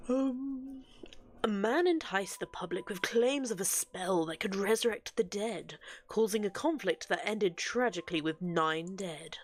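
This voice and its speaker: Voicing a sincere, scholarly male occult researcher from a game, a medium-pitched woman reads his dialogue aloud. She explains things at a measured pace.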